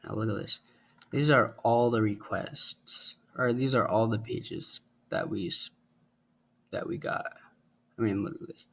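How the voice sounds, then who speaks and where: Man, low and gravelly, thinks aloud through a casual tech walkthrough with a light noise bed. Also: measured pace, a bit bright. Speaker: tech tutorial host. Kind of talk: casual screen-recorded tutorial.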